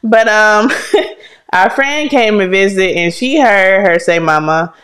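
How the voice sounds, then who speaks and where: Animated woman telling family stories. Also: medium pitch, slow. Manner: animated storytelling, acts out quotes, laughs often. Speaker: podcast co-host. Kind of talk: casual chat.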